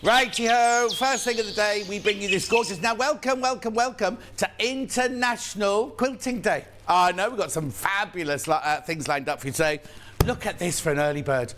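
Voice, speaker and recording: A man's voice: high voice, moderate pace, background noise. A man presenting a live shopping channel show, chatty and playful, reading out viewers' messages. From United Kingdom.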